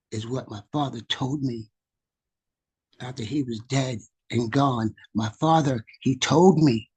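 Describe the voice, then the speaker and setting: Slow, husky-voiced male poet. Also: mid-range voice, poor audio. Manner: measured, dramatic delivery. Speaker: featured poet. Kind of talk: performance poetry reading. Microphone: video call.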